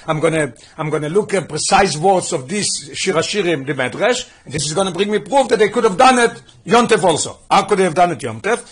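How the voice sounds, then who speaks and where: A man giving a Torah class, rapidly explaining Midrash and mixing English with Hebrew and Yiddish terms, asking his listeners questions as he goes. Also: sits high, animated, slightly rough. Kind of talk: Talmudic lesson explaining Midrash.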